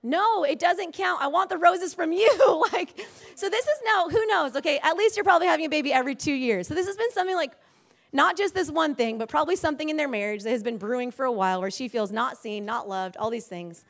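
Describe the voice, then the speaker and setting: A woman's voice: sits high, expressive, fast talker. A woman telling a faith-based story in a casual, rambling way, full of fillers and self-corrections, acting out the quoted voices.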